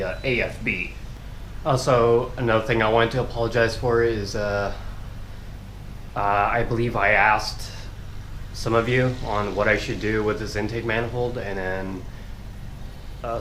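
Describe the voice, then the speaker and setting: A man's voice: mid-range voice, fairly bright tone. Stuffed-up nasal guy vlogging, hesitant and sorry-sounding, echoey room, a little hiss. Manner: halting, apologetic, many fillers. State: congested, nasal. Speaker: car hobby vlogger. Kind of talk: casual to-camera talk.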